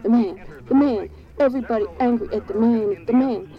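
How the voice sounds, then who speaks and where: A woman's voice: on the high side, brisk, dull audio. A woman performing spoken-word poetry, declaiming in a rhythmic, chanting cadence through long lists. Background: music.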